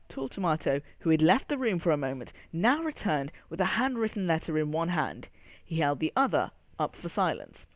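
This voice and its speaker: A children's radio storyteller reading a fruity adventure aloud. The voice swings lively up and down while addressing the young listener directly, recorded close and dry with no room sound. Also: mid-range voice, normal speed, no room sound.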